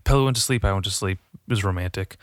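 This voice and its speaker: A young man rants casually to the camera from his apartment, talking fast in a low voice. He rambles, swears freely, and mocks himself as he goes, with no room sound in the recording.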